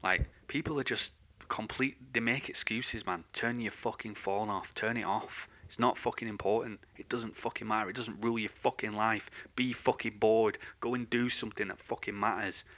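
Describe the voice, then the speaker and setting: A man's voice: on the low side, fairly even intonation, moderate pace, fairly bright tone. A man who hosts a podcast, delivering an unscripted, angry rant full of swearing. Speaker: podcast host. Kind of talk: unscripted ranting monologue.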